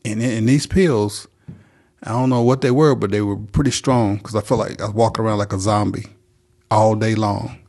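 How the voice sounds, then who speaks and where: A man's voice: fairly low pitch, fairly even intonation, normal speed, a little mellow. A middle-aged man from North Carolina, telling his recovery story as a guest in an earnest, plainspoken way. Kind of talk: personal recovery testimony.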